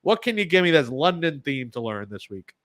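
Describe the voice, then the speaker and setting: A man's voice: on the high side, very animated, fairly bright tone, no room sound, clean studio sound. Joking New podcast host man. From New York. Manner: joking, quick banter. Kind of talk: casual sports talk.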